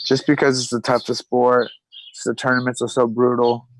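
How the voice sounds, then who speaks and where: A man's voice: medium pitch, monotone, moderate pace, slight background noise, rough recording. A man in his thirties, a podcast guest, telling stories in a loose, rambling way full of fillers and restarts. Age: 30s. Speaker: podcast guest, retired pro fighter. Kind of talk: casual chat.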